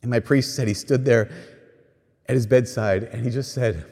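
A man with a husky, slightly breathy voice delivers a storytelling sermon, slipping into the voices of the people he quotes. His words ring out with a long reverb, as though spoken in a large hall. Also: medium pitch, normal speed. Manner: animated retelling with quoted voices. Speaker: preacher.

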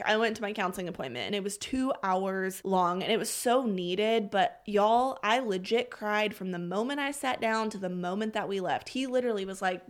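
A woman's voice: mid-range voice, fairly bright tone. Woman, 30s, podcast host, earnest and confessional, near tears. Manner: earnest, heartfelt, confessional, addresses listeners as y'all and friend. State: emotional, close to tears. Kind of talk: faith-based personal podcast talk.

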